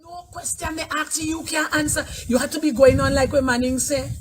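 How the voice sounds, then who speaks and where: A woman's voice: sits high, fairly even intonation, fairly quick, noisy background. A woman with a Trinidadian accent calling in to a talk show, scolding and indignant. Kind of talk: angry call-in rant.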